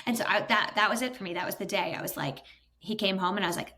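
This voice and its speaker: A woman in her thirties tells a story to a podcast host in an animated, exasperated way, full of quick asides. Her voice sits at a middle pitch. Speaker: podcast guest, content creator. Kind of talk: casual conversational storytelling.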